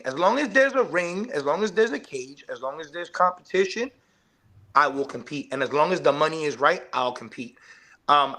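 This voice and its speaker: A man's voice: on the high side, sharp tone. A man, a professional wrestler, talking as the guest on a live online interview show, with emphatic hype-style delivery. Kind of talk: podcast interview.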